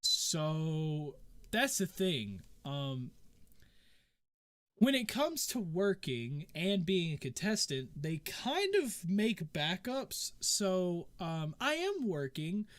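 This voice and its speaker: A friendly, eager tournament worker, as a man puts him on, stumbling politely through his words. The voice sits a touch high and sounds very dry, with no room around it. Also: sing-song, slow pace, dry recording, heavily acted. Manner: hesitant, full of uh and um.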